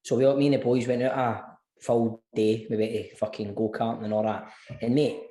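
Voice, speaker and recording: A man's voice: mid-range voice, flat delivery, normal speed, mellow. Sweary Scottish man in an echoey room. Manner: sweary, blunt banter. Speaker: podcast co-host. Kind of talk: casual chat.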